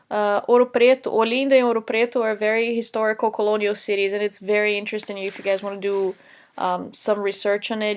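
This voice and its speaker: Woman teaching a language lesson. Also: medium pitch. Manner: explains slowly, switching between English and Portuguese examples, with many fillers. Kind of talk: recorded online lesson lecture.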